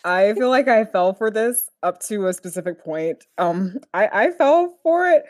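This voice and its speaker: A woman's voice: medium pitch, animated, moderate pace. A woman co-hosting a casual podcast, recapping a cartoon episode and laughing often as she talks. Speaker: podcast co-host.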